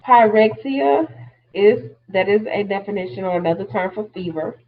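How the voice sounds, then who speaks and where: A woman's voice: mid-range voice, lively intonation, moderate pace, phone-quality sound. A woman teaching a class, explaining terms step by step in a plain-spoken way. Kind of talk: classroom lecture.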